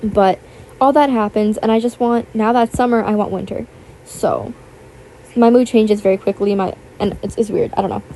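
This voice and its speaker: A young woman in her teens chatting casually, rambling with lots of fillers and a self-conscious, apologetic manner; her voice sounds a little rough. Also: mid-range voice, steady tone, moderate pace, mellow. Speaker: YouTuber. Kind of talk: casual chat over gameplay.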